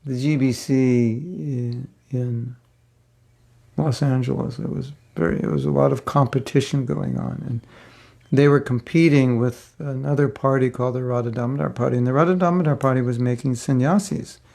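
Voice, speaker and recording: Gravelly older man teaching. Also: mid-range voice, steady tone, normal speed, dark tone. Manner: conversational, rambling, with many fillers and restarts. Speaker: spiritual teacher giving a class. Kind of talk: casual storytelling lecture.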